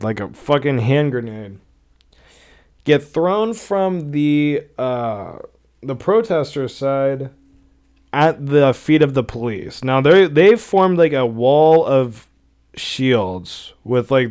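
Rambling, profane young man with a smooth voice. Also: medium pitch, a little mellow. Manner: rambling, profane, full of fillers. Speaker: podcast host. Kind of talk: casual solo podcast rant.

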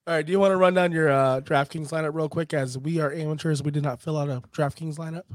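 Laid-back host with a higher voice. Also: male voice, fairly even intonation, dry recording. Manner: laid-back, profane, quick to laugh. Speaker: podcast host. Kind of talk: casual sports chat.

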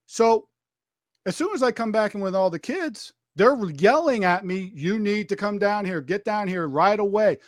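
A man's voice: high voice, lively intonation, normal speed, no echo, clean studio sound. An American man telling a story on a podcast, acting out the dialogue as he retells it, with frequent restarts and repeated phrases.

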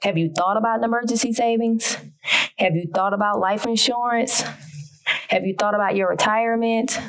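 A woman's voice: on the high side, fairly even intonation, moderate pace. A woman with a Southern American accent hosting her own podcast, talking casually in a folksy, emphatic, preachy way. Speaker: podcast host. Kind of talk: casual solo podcast talk.

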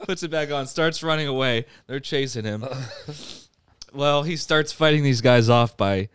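A man on a podcast slowly retells a movie plot in casual chat, breaking into laughter and acting out the characters' lines. His voice is smooth and clear, recorded dry and close. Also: mid-range voice, dry recording. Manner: laughs often while recounting, acts out quoted lines. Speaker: podcast host.

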